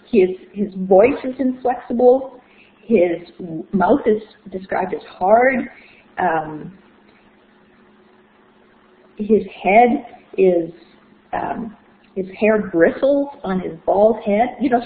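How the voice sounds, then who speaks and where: A woman lecturing on literature, explaining with rhetorical questions and frequent fillers. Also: medium pitch. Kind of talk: recorded lecture. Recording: echoey, phone-like thin sound.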